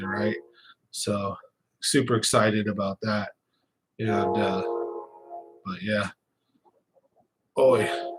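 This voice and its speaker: A young man talks loosely to his viewers on a live stream, rambling from one thing to the next and breaking into laughs. His voice sits at a middle pitch and sounds a bit stuffy from sinus trouble. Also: background noise. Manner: chatty, rambling, laughs often. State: slightly congested with sinus trouble. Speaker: fishing channel host.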